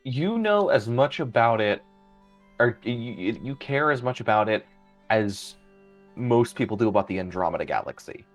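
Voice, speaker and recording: A man's voice: medium pitch, expressive, normal speed, soft background music. Chatty man running a tabletop game. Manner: loose and chatty, with many ums. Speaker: game master.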